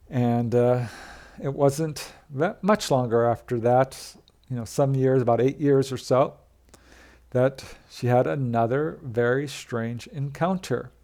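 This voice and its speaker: Male narrator, mid-pitched, conversational true-story telling with occasional fillers. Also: mellow. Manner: plain retelling with fillers, quoting witnesses in his own voice. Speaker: narrator of UFO encounter stories.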